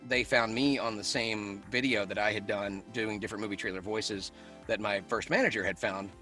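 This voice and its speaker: A man who works as a voice actor, chatting as an interview guest. He tells animated stories and laughs often. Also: on the low side. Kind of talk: casual interview chat.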